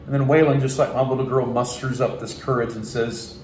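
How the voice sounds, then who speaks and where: A young man from Oklahoma giving a motivational keynote, energetic and telling a story while acting out the voices in it. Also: medium pitch, fairly quick. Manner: energetic, acts out voices in his stories. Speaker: keynote speaker. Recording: echoey room, faint ambient noise.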